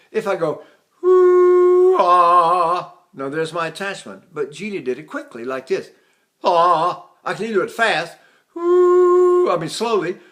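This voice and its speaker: Older man teaching voice, high-pitched. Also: a bit bright. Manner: explanatory, halting restarts, demonstrating by singing. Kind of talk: vocal technique lesson with sung demonstrations.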